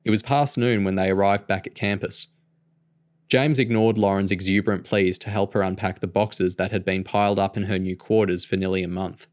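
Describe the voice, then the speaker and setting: A man reading a novel aloud in a steady, even storytelling manner. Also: sits low, a little fast, no room sound. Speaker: audiobook reader.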